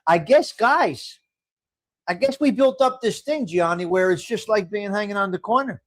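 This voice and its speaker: A middle-aged man hosts a casual live stream, chatting with viewers and reading their comments aloud. His voice sits high, swoops up and down a lot, and he rambles and laughs easily. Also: animated, moderate pace. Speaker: livestream host.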